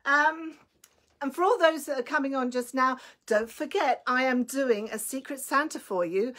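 A woman's voice: high voice, moderate pace, fairly bright tone. Chatty breathless woman selling clothes. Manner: chatty and enthusiastic, greets viewers by name. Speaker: online clothing seller. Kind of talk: live selling stream.

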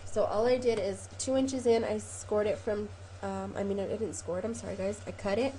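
A woman's voice: medium pitch, fairly even intonation, normal speed, mellow, a little hiss or hum. A woman hosting a casual craft tutorial, chatty and rambling with frequent ums and self-corrections, a little sniffly from a cold. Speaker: craft video host.

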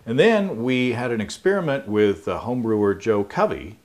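A man's voice: medium pitch, expressive, moderate pace, darkish tone. A man hosting a home brewing show, explaining in a rambling casual way with many fillers and restarts. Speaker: show host. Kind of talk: casual chat.

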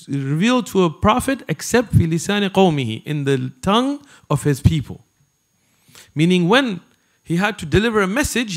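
A man preaches to a gathered audience in a fairly high voice that rises and falls with plenty of movement. He talks like he's chatting, throwing quick asides and questions to the people in front of him. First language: not Arabic. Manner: animated and conversational, with asides to the audience. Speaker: Islamic preacher. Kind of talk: lecture to a live audience.

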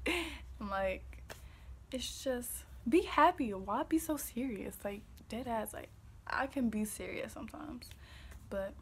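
A woman's voice: mid-range voice, a little hiss or hum. A young woman from Kansas City, Missouri, vlogging casually to the camera in a sassy, goofy, emphatic way, swearing freely. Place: home. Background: faint music playing.

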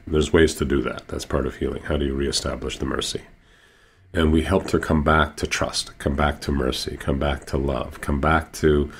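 A man's voice: very deep voice, creaky, husky. A middle-aged man telling healing stories as a guest on a radio interview, earnest and building to emphatic payoffs. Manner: acts out patients' quoted speech. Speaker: healer and guest.

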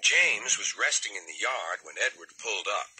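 A man narrating a children's train story in a lively, expressive storybook reading. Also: on the low side, moderate pace, rough recording. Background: music.

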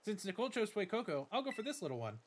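A man's voice: sits high, big pitch swings, rapid-fire, pitched above the performer's own voice. A man reading as an eager, battle-mad schoolgirl rival. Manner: bubbly, pushy enthusiasm. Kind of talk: reading game dialogue aloud.

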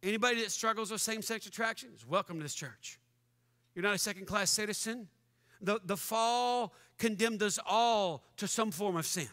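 A man preaching as pastor, animated and mock-angry, joking with his congregation in a church. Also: high-pitched, moderate pace. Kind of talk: fiery sermon. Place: church sanctuary. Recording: long church hall reverb.

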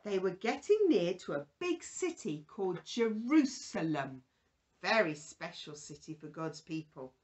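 A woman presenting a children's Bible story, gently asking a puppet questions in a sing-song way. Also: lowish voice, big pitch swings, a little slow.

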